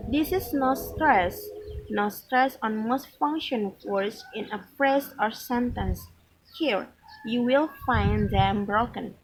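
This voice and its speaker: Slow, careful woman reading a lesson aloud. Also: a little high, low-quality recording.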